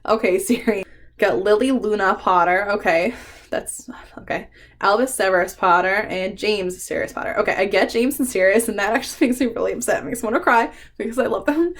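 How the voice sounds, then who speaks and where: A woman with a mid-range voice talks fast in a casual book tag vlog. She's chatty and emotional, rambling fondly with frequent ums, swearing freely and laughing between remarks.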